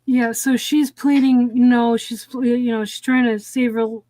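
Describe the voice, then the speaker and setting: Female co-host, slightly high voice, rambling plot recap, dry close mic sound. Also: flat delivery, moderate pace, warm tone, dry recording. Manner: rambling, lots of "like" and "um", restarts. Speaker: co-host of a movie review stream. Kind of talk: casual chat retelling a film plot.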